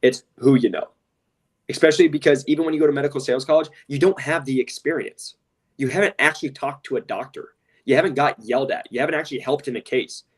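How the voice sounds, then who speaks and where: A man's voice: medium pitch, fast talker, slightly rough, recorded from a distance. A man co-hosting a podcast in casual talk, blunt and impassioned, often saying "literally" and "straight up". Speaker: podcast co-host.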